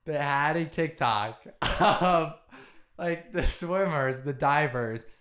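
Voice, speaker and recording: Young male podcast co-host, slightly higher voice, teasing and jokey. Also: slow pace, fairly bright tone, a little hiss or hum. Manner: joking, teasing, laughs often. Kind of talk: casual sibling chat.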